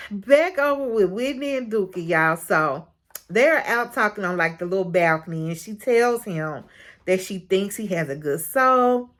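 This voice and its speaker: A woman's voice: on the low side, fairly bright tone. A woman hosting a casual recap of a reality show, frank and chatty, often breaking into laughter.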